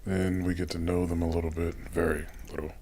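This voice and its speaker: A man with a very low, deep voice chats casually as a podcast co-host. He explains his opinions at length in a relaxed way. A faint hiss of noise sits under the recording. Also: fairly quick. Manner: relaxed, explains at length, frequent agreeing murmurs. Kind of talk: casual movie discussion.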